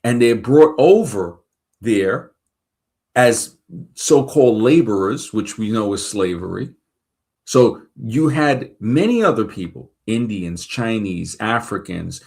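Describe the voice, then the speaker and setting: A man from Brooklyn talks in a low-pitched voice. He rambles in a loose, off-the-cuff monologue, thinking aloud as he goes. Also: animated, slow, vocal fry, darkish tone. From Brooklyn, New York. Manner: rambling, thinking aloud, checks facts while talking. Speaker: show host. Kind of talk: casual monologue.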